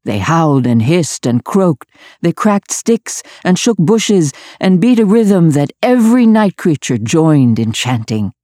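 Low, lively storybook narrator woman. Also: no echo, studio quality. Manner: expressive, measured. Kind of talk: storybook read-aloud.

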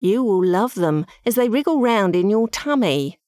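A woman voicing a slow, ant-loving male anteater who drawls and mutters, in a storybook reading. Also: medium pitch, expressive, darkish tone, dry recording, clean studio sound, close to an everyday voice. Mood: drawling.

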